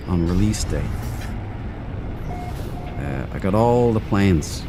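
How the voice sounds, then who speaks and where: Low-voiced Irish man chatting while streaming. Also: noisy background. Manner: rambling and chatty, with a slangy aside now and then. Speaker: game streamer. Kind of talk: casual live-stream chat.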